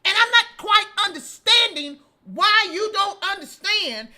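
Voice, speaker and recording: Sassy scolding woman host, very high voice, casual commentary, middle-aged. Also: lively intonation, measured pace, hardly any pauses, bright, forceful tone. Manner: sassy, scolding, laughs mid-sentence.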